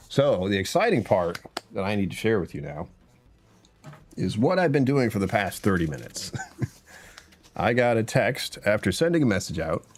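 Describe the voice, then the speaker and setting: A man with a low, slightly mellow voice hosts his own live stream from his home computer. He rambles casually, chuckles a lot and greets viewers by name.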